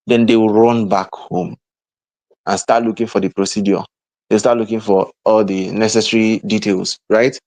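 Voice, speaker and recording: A man's voice: fairly low pitch, little pitch movement, moderate pace, darkish tone. A man giving a motivational online lesson as a mentor, repeating points and talking to viewers in the chat. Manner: emphatic, repetitive, addresses the chat. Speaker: mentor and coach.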